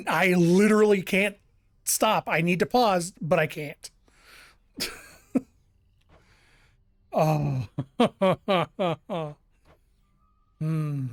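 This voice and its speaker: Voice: mid-range voice, dry recording. Rambling, laughing game streamer. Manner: rambling, laughs often, restarts sentences. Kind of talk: casual live-stream commentary.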